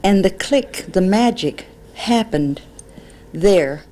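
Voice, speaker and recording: A woman songwriter in an archive interview, an animated storyteller who sings snatches of songs. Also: mid-range voice, takes it slowly, slight background noise.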